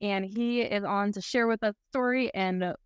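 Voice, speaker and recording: A woman's voice: mid-range voice, normal speed, clean tone. A young woman hosting an interview, upbeat and enthusiastic as she introduces her guest and asks questions. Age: young adult. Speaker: interviewer and host. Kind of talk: podcast interview.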